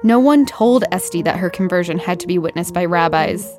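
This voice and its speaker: A woman giving scripted documentary narration in a measured, explanatory way. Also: on the low side, lively intonation, a little mellow, faint music behind.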